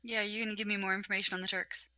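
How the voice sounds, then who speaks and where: A woman's voice: mid-range voice, flat delivery, racing, bright, forceful tone, dry recording. A woman casually chatting, mostly chiming in briefly while a friend tells a story. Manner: brief agreeing interjections. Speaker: podcast co-host listening. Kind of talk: casual chat.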